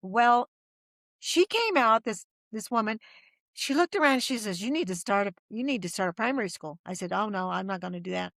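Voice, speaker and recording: A middle-aged woman appears as a podcast guest telling her story, her mid-range voice brisk and studio-clean with no echo. She's a lively narrator who performs the voices of the people she quotes.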